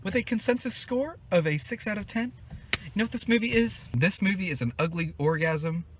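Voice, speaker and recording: A man's voice: high-pitched, fairly quick, a little hiss or hum. A young man hosting a casual movie review chat, laughing often and swearing freely.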